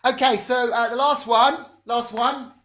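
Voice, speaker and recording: A man's voice: very high voice, fairly even intonation, measured pace, fairly bright tone. A man leading a drama club over a video call, chatty and encouraging as he fumbles with the setup.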